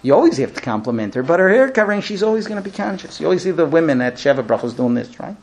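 A man with a somewhat raised pitch lectures a room of listeners on married life. He is humorous and animated, slipping into acted-out dialogue between filler words. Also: racing. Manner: humorous, acts out quoted dialogue, many fillers. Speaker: teacher giving marriage advice to grooms. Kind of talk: lively lecture to a small class. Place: room with a live audience.

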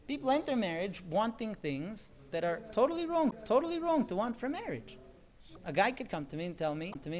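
A man preaches in the manner of a rabbi, his pitch swinging widely as he stresses each point. He talks emphatically and keeps throwing rhetorical questions at his listeners. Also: very animated, a little fast. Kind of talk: sermon.

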